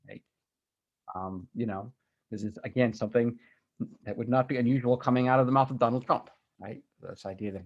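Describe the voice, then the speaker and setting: A man giving a recorded university history lecture, telling events as a lively story with frequent ums and restarts. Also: medium pitch, fairly quick.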